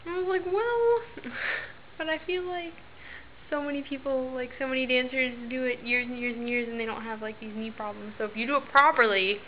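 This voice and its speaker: A woman's voice: on the high side, brisk, a little hiss or hum. Chatty young woman vlogging. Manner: chatty and rambling, voices the people in her stories. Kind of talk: casual chat to camera. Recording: slightly dull lo-fi recording.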